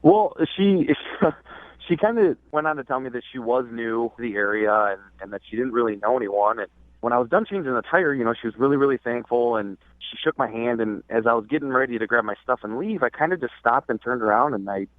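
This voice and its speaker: A man's voice: mid-range voice, expressive, brisk, no echo. A young adult man calling in to a radio show, telling a dating story in a hesitant, rambling way full of fillers. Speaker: caller. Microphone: telephone. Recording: tinny dry phone line.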